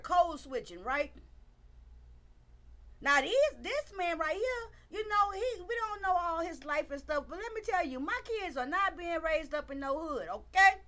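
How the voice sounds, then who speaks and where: High bright-voiced woman streamer. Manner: emphatic, repeats phrases, talks straight to her viewers. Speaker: livestream trial commentator. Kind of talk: casual livestream commentary.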